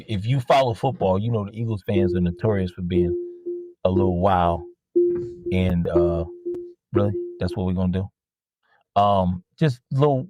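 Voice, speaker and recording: Animated, profane man ranting, lowish voice. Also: no echo, low-quality recording. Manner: animated, profane, mimics customers in a higher voice. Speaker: podcast host and jersey seller. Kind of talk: casual storytelling rant.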